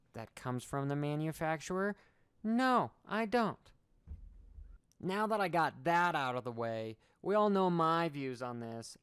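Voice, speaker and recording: A middle-aged man talks in a sarcastic, animated vlog, rambling from one point to the next as a motocross racer. His voice is smooth and clear. The sound is dry and close. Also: medium pitch, no room sound.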